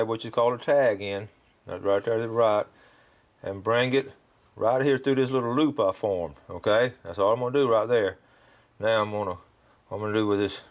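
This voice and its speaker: A man hosting a local fishing show, chatting and demonstrating step by step in a folksy way, often ending sentences with "okay?". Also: medium pitch. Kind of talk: casual how-to demonstration and chat.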